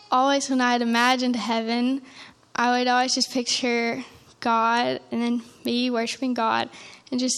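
A woman's voice: on the high side, fairly bright tone, clean tone. Earnest young woman giving church testimony. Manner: earnest, emotional retelling with frequent restarts. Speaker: testimony speaker.

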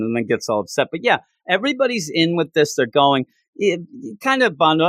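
A man with a slightly raised voice chats casually on a podcast, retelling a comic chapter. His pitch swings widely as he acts out the characters' lines. The recording is dry and close, with no room sound. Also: brisk, dry recording. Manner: animated storyteller acting out characters' lines. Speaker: podcast co-host. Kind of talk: casual chat recapping a manga chapter.

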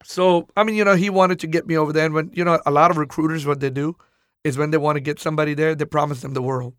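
A man telling a personal story in a casual interview, animated, acting out the people he quotes. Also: a little high, fast talker, clean tone, no room sound, studio quality.

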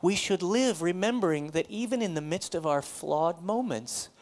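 A man's voice: high voice, expressive, normal speed. A middle-aged man preaching as a pastor, telling a personal story in a conversational, self-deprecating way and laughing often.

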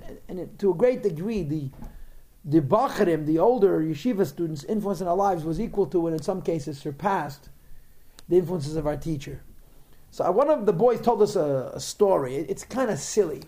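A man's voice: fairly high pitch, lively intonation, normal speed, warm tone. A man teaching a religious text, explaining in a digressive way with frequent repeated words. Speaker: Torah teacher.

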